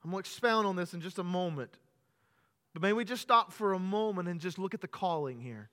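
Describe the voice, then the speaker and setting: Bright-voiced preacher in a reverberant church. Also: male voice, expressive, fairly quick. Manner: repeats words when building up, calls listeners "beloved"; swings between hushed, low passages and loud, raised preaching. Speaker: pastor. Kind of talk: sermon. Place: church sanctuary during a morning service.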